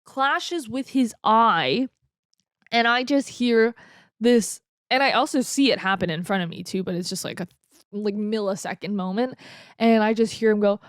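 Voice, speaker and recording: A young woman in her twenties tells a story into a desk mic at home, chatty and giggly, with plenty of ums and uhs. Her voice sits at a middling pitch. The sound is dry and close. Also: normal speed, dry recording. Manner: chatty and giggly, with lots of fillers. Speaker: vlogger. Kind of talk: casual storytelling.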